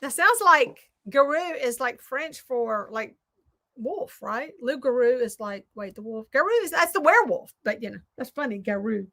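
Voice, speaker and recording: High, bright Southern American woman. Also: lively intonation, normal speed. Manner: chatty, rambling, self-deprecating. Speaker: host. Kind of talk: casual chat while crafting.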